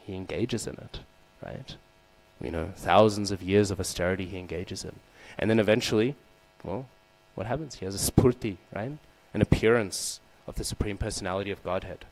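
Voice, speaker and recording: A man with a low, deep voice gives a sermon to a group of listeners. He tells the story lively, acting out the figures in it, and keeps checking in with "right?" and "hmm?" as he goes. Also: rough recording. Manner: storytelling, acts out the quoted figures; asks the audience questions, often adds "right?" and "hmm?". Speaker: speaker giving a scripture class.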